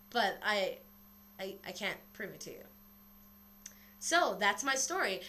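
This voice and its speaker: A young woman vlogging casually on her webcam, a little out of breath, rambling and swearing freely as she tells a story. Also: on the high side. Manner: rambling, animated, swears a lot. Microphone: built-in webcam mic.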